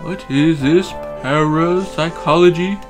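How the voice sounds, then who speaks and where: A man's voice: a little high, slow pace, music in the background. A man voicing a meek older male judge, hesitant and deferential, in a game fan dub. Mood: dithering.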